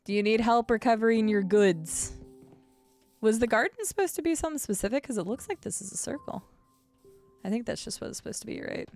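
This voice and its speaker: Woman streamer, casual chat, very animated pitch, laughs a lot. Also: a little fast, soft background music. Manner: chatty, laughs often, talks to chat and players.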